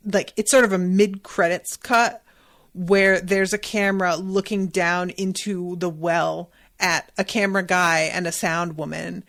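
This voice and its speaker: A woman in her thirties hosting a solo podcast, recapping a TV episode in chatty, animated storytelling with some swearing. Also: fairly low pitch, gravelly. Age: 30s. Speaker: podcast host.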